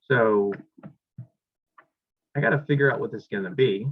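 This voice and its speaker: In this lo-fi, dull classroom recording, a male math teacher lectures while writing on the board, thinking aloud and self-correcting. His medium-pitched voice moves at normal speed with frequent pauses.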